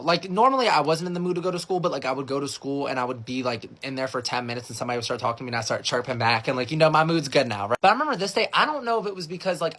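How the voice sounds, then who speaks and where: A young man rattles through a storytime at a quick clip, his voice bright and forward. He keeps it casual, says "like" constantly, and jumps up high when he acts out what people said. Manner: filler-heavy with lots of "like". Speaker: storytime creator.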